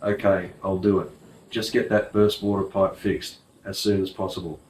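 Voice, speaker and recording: A man voicing a flustered male vault manager in an audiobook, defensive and hurried. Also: low-pitched, little pitch movement, darkish tone, slight background noise, lightly acted. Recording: roomy, distant mic.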